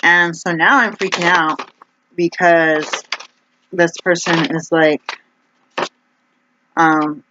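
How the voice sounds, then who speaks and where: A woman's voice: lowish voice, fairly even intonation, takes it slowly, pauses often. A woman rambles casually to her viewers, sliding from one thought into the next and padding her sentences with "like." The recording sounds dull and lo-fi, with a faint hiss underneath. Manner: chatty, meandering, heavy use of "like". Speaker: vlogger.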